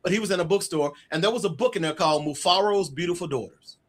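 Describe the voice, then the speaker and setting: Animated middle-aged male storyteller. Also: sits high, fast talker. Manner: animated storyteller acting out quoted dialogue. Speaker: author guest. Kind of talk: casual storytelling interview.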